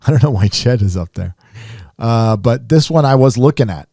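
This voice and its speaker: A man hosting a live stream, rambling casually with lots of fillers and restarts, his voice rising when animated. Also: medium pitch, normal speed, vocal fry, no echo, studio quality. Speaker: live show host.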